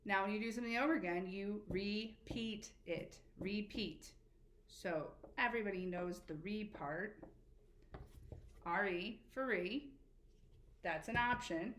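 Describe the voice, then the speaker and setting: A woman teacher giving a spelling lesson to children, patient and encouraging, slowly spelling letters out. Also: medium pitch, fairly bright tone. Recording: echoey room with faint background noise.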